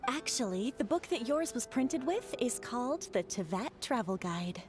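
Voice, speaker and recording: Formal female messenger, poised, lively inflection, music under. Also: on the high side, normal speed. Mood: polite. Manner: formal, courteous. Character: polite adult female messenger, formal and composed. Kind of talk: game cutscene dialogue.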